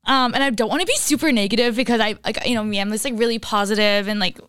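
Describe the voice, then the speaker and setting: A woman co-hosting a casual podcast, teasing her friend with quick jabs and jokes. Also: fairly high pitch, fairly bright tone, smooth, no room sound, studio quality. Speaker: podcast co-host. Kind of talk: casual chat.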